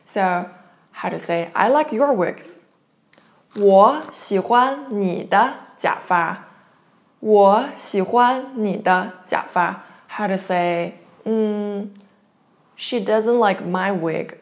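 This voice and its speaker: A woman's voice: mid-range voice, slow pace. A woman teaching a lesson, patiently saying each word twice for the learner to follow. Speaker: Chinese language teacher. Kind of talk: online language lesson.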